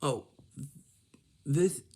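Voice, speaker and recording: A man's voice: extremely slow, mellow. A man giving earnest, informal advice to his viewers, speaking to them directly and repeating his points. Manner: earnest, repetitive, instructing the listener directly. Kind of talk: informal explanatory talk.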